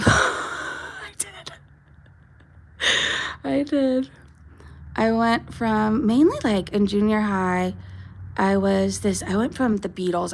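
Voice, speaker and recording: Her mid-range voice has noticeable vocal fry as she livestreams outdoors in her backyard. A woman in her thirties, she talks casually to her dog and her audience and laughs a lot.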